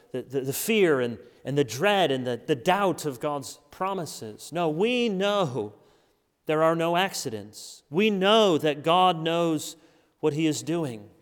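A man preaching a sermon to a congregation in a church, earnest and emphatic, slowing down to stress key words. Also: a little high, in a large hall.

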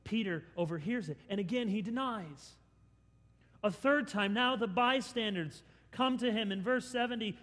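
A male pastor preaching a sermon, dramatically acting out scenes and swinging between loud and hushed. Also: high voice, normal speed, big-room sound.

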